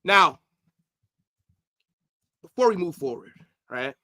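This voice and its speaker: A man ranting angrily on a football livestream, profane, swinging from shouts to low mutters. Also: very animated, slow. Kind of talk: livestream rant.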